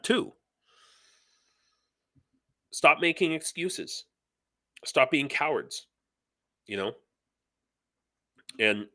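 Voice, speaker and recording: Man, livestream news host, ranting commentary, reads out comments, forceful bright tone, mid pitch. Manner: passionate, ranting, reads viewer comments aloud. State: heated. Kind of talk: live commentary on war news.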